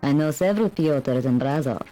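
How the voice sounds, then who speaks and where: A woman voicing a polite, evasive woman with a Romanian accent in an adventure game, speaking in a measured, hesitant way. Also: low-pitched, expressive, warm tone, soft background music, rough recording. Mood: guarded. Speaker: game character. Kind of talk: 1990s adventure game voice acting.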